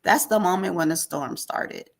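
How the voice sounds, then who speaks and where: Interview guest, woman, lower register, animated storyteller. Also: normal speed, creaky. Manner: animated storyteller, acts out quoted dialogue. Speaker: podcast guest. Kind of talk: emotional personal testimony.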